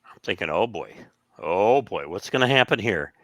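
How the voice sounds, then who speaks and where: A man's voice: deep voice, normal speed, no echo, clean studio sound. A man casually telling stories on a podcast, acting out the voices of the people in them. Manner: animated, acts out quoted voices. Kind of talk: casual storytelling.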